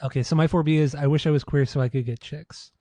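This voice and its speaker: Mellow, rambling podcast co-host man. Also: on the high side, quick pace, no room sound. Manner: relaxed, rambling, filler-heavy. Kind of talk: casual chat.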